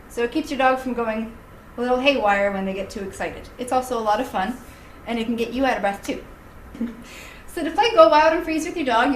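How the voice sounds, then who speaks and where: A woman dog trainer demonstrating a game in a playful, energetic, excitable way. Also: high-pitched. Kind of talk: demonstration video. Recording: echoey room, voice from off-mic, faint hiss.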